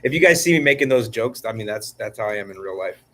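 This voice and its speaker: A man's voice: lowish voice, animated, quick pace, sharp tone, slight background noise. A middle-aged man hosting a casual live-stream chat about lawn care, joking and rambling with frequent restarts. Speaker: lawn care channel host.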